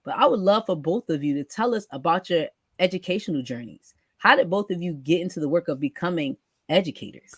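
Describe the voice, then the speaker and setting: A woman's voice: lowish voice, expressive, fairly quick, slightly rough, dry recording, clean studio sound. A woman hosting an interview who sounds enthusiastic and gracious and uses many fillers as she talks. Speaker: host. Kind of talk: casual interview talk.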